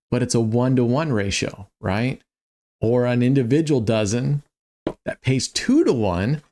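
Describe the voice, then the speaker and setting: A man's voice: mid-range voice, a little mellow. Tired man explaining roulette bets casually. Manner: chatty, thinks aloud, frequent um and restarts. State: tired, yawning. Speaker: online roulette streamer. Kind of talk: casual walkthrough of betting strategies.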